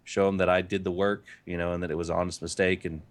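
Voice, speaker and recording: A man's voice: low-pitched, flat delivery, fast talker, clear, resonant tone. A man from the United States co-hosting a casual podcast, telling stories in a rambling, hesitant way full of fillers. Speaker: podcast co-host.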